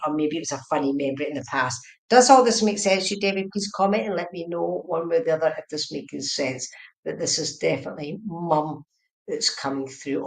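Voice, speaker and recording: A woman giving a live online tarot and mediumship reading, chatty and repetitive, often checking whether her words make sense. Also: deep voice. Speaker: psychic medium. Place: indoors at home, room with a heater. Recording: echoey room.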